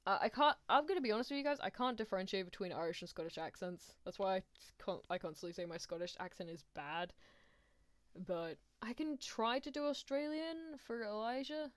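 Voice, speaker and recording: A woman's voice: medium pitch, a little fast, no echo. A British woman streaming a story game, chatting and laughing with her chat and reading the text aloud. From Britain. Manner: chatty, giggly, talks to chat.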